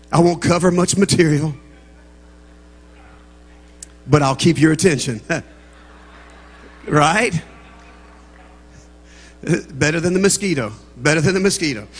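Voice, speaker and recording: Speaking at a measured pace with long pauses, this guest preacher has a husky, high-ish voice and a Southern American accent. He warms up the congregation with humor in the church sanctuary before building into fervent preaching, all wrapped in long church reverb.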